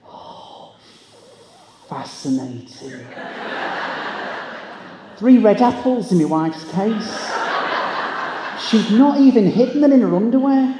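A man's voice: extremely high pitch, measured pace, very noisy. A man giving a humorous motivational talk to a live audience, telling comic stories and acting out the people in them. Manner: comic storytelling, acting out quoted voices. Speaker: motivational keynote speaker. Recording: echoey large hall.

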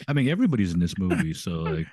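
A man co-hosting a podcast in casual chat, quick to agree and prone to repeating words. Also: low-pitched, sing-song, dark tone, no room sound, clean studio sound. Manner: fast, repeats words and restarts, agrees eagerly. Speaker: podcast co-host.

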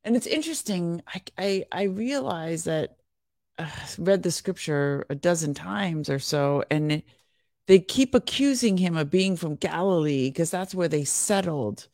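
A woman's voice: lowish voice, lively intonation, a little slow, darkish tone, no echo. Woman reading scripture, close and dry. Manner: earnest reading voice, casual and chatty between passages. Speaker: podcast co-host reading scripture. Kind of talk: scripture reading and devotional chat.

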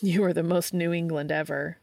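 A woman voicing a warm, joking male writer who speaks in quiet, breathy whispers. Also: on the low side, fairly even intonation, brisk, dry recording, clean studio sound. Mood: teasing.

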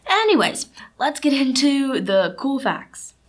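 Teen girl student podcaster, chatty and bubbly, lots of fillers, mid pitch. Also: normal speed, loud music behind the voice. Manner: chatty and animated, lots of "like" and "you know". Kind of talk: casual solo podcast monologue.

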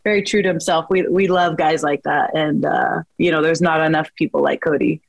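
Young woman fighter rambling through stories, lots of "like", low-ish voice, dry close mic. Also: steady tone, brisk, gravelly, no room sound, rough recording. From United States, Washington state. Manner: chatty, lots of "like", acts out quotes. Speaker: guest fighter. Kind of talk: casual interview storytelling.

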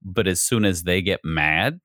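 A man's voice: deep voice, bright, forceful tone, dry recording, clean studio sound. A man from Wisconsin with an Upper Midwest accent, hosting a podcast and chatting over a video call in a rambling, self-mocking way. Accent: Upper Midwest American. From Wisconsin, USA. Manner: self-deprecating, rambling, quick to laugh. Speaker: podcast host. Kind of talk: casual interview chat over video call.

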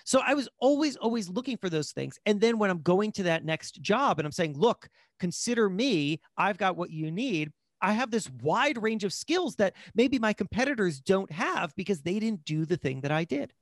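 A man with a fairly high voice talks through a podcast interview, animated and chatty, often restarting his sentences. The recording is close and dry, with no room sound. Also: dry recording. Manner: animated storyteller, fast asides, frequent restarts. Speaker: guest, magazine editor-in-chief. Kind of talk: casual interview talk.

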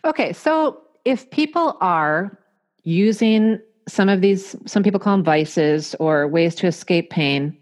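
Woman, low voice, podcast host, measured and thoughtful. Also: animated. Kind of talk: casual podcast conversation.

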